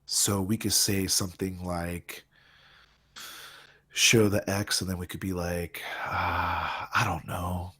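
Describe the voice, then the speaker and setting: Deep, husky-voiced man player. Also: little pitch movement, slow pace, pushed and bright. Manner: jokey, proposes plans. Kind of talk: casual tabletop role-play.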